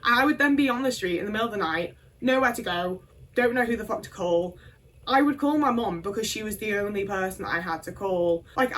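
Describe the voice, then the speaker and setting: A woman's voice: medium pitch, fairly bright tone, distant mic, slight background noise. A woman telling a candid personal story, blunt and sweary. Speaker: video creator.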